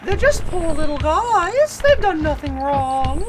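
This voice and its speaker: A woman putting on a drawn-out, sing-song voice that pities little creatures. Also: high voice, very animated, loud music behind the voice, pitched above the performer's own voice, heavily acted. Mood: pitying.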